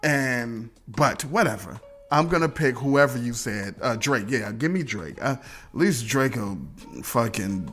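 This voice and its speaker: A man chatting as a podcast guest, his pitch swinging widely as he rants and curses. He slips into quick impressions of other people to make his point. Faint music sits under his voice. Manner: animated, profane, mimics others mid-rant. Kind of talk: casual podcast chat.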